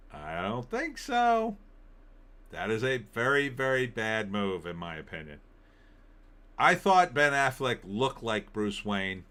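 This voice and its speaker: A man's voice: fairly low pitch, pushed and bright. A middle-aged man hosting a casual live-stream, rambling and opinionated as he reacts to entertainment headlines and viewer comments. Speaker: political commentary host.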